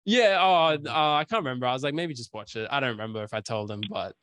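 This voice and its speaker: A man's voice: medium pitch, big pitch swings, quick pace, a bit bright, smooth, no room sound. A man hosting a casual chat, telling long stories with lots of fillers. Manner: rambling storyteller, lots of fillers.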